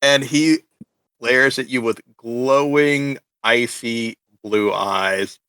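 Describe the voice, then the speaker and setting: A man running a tabletop game as game master, narrating slowly and dramatically, close and dry. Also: mid-range voice, fairly bright tone, clear, resonant tone, dry recording, rough recording.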